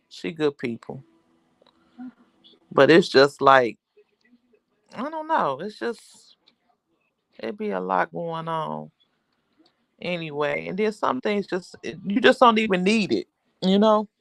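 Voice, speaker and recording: A woman's voice: lowish voice, gravelly, a bit bright, no room sound, studio quality. A woman hosting a casual livestream, chatting with viewers in a rambling, talkative way. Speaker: livestream host.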